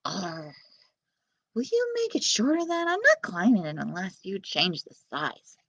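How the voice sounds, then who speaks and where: A woman's voice: mid-range voice, huge pitch swings, unhurried, a bit bright, highs cut off, a little hiss or hum, voice pushed down, heavily acted. A woman voicing a cheeky, whiny young boy who talks back to the narrator.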